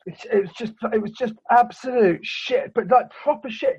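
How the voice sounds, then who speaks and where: Ranting man, husky voice. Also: very high voice, normal speed, hardly any pauses. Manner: ranting, animated, swearing, laughing. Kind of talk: casual chat. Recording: lo-fi recording.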